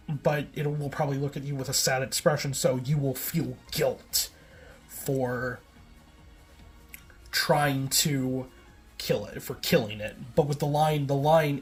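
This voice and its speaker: A man giving a casual, rambling recap, often correcting himself and filling gaps with "like" and "um". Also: mid-range voice. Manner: rambling, self-correcting, filler-heavy. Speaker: video essayist.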